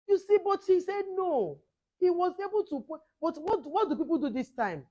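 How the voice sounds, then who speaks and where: A middle-aged woman with a hoarse voice, leading children at a camp in lively call-and-response. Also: very high-pitched, normal speed, lo-fi sound. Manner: animated, call-and-response, mixing two languages. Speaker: camp teacher.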